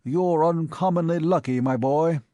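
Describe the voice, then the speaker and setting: A man voicing a genial, pompous elderly gentleman in an audiobook, fussy and self-satisfied. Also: a little high, normal speed, no room sound, highs cut off, voice pushed up, lightly acted. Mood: beaming. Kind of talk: audiobook character voice.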